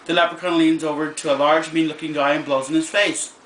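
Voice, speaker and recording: A man's voice: a little high, level tone, fairly bright tone. Hesitant man joking in an echoey room. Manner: hesitant, halting delivery with many restarts. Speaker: vlogger. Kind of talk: casual joke-telling vlog. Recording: echoey room with faint background noise.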